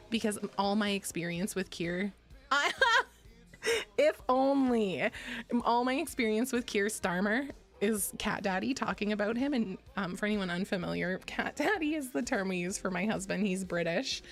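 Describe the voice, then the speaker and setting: A woman hosts a laid-back stream, rambling and giggling as she pokes fun at herself. Her voice sits at an ordinary middle pitch, close to a desk mic. Soft music plays faintly behind her. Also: moderate pace. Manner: rambling, giggly, self-deprecating. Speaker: VTuber streamer. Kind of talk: casual chat stream.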